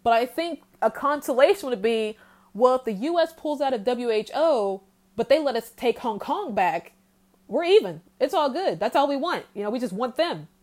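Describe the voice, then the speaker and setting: A woman's voice: fairly high pitch, expressive, darkish tone. A woman hosting a solo podcast, talking heatedly and in exasperation about the news. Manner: heated, exasperated, talks straight without pausing. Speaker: podcast host. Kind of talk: solo commentary rant.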